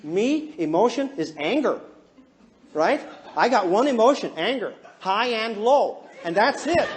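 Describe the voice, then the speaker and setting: A middle-aged man with a fairly high voice holds a seminar audience with humorous stories. He mocks himself and jumps between quiet, sincere asides and loud, animated bursts. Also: unhurried. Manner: animated, jokey, self-mocking, swings from hushed to loud. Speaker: counselor giving a seminar talk. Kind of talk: humorous storytelling to a live audience.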